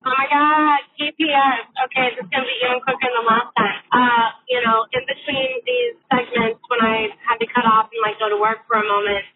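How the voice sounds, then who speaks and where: A woman's voice: fairly high pitch, flat delivery, fairly quick, hardly any pauses. Lady host rambling thru a story, candid, sounds like a phone line, faint music underneath. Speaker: podcast host. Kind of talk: casual monologue. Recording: tinny phone-like audio.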